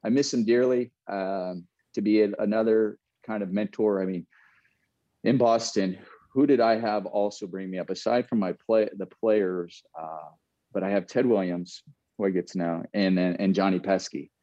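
A man with a low, mellow voice recalls old stories in a relaxed interview, laughing now and then and restarting his sentences. The recording is dull and lo-fi, with a dry, close sound. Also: normal speed, no echo. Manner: reflective, laughs often, many restarts. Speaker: guest, former pro baseball player. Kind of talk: casual storytelling interview.

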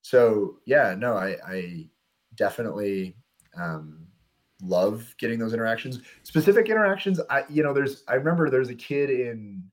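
A young man, a minor league pitcher, telling stories in a casual podcast interview with frequent fillers. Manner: relaxed, rambling storyteller with frequent fillers.

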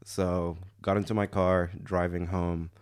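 A young man from Morocco telling a funny story in casual chat, laughing often and getting lively when he acts out other people. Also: low-pitched, unhurried, clear, resonant tone, dry recording, studio quality. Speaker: podcast host telling a story.

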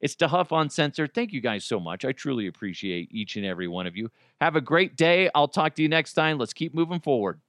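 A man's voice: on the high side, sing-song, fast talker, few pauses, a bit bright, dry recording, clean studio sound. A man hosting his own podcast, talking casually and jokingly, rambling with frequent restarts. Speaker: podcast host. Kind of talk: casual solo podcast monologue.

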